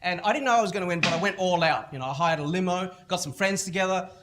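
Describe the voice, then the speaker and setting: A middle-aged Australian man giving a motivational keynote at a school festival, telling lively anecdotes and acting out other people's lines. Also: sits high, fast. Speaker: motivational speaker. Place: school event stage.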